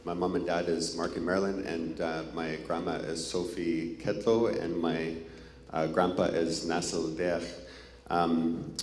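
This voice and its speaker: Man from north central BC, very low voice, slow self-introduction; echoey hall. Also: level tone, darkish tone. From north central British Columbia. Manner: unhurried, with many uh fillers. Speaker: panelist. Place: conference hall. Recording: echoey hall, faint room noise.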